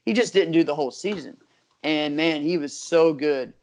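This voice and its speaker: A man's voice: fairly high pitch, moderate pace, darkish tone. Easygoing, nostalgic male co-host. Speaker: podcast co-host. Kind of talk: casual chat.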